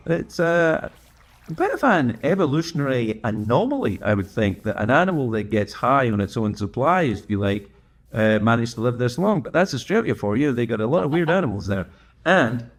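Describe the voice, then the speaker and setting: A man hosting a livestream, telling rambling, self-correcting stories in casual chat while gaming. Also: mid-range voice. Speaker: livestream host.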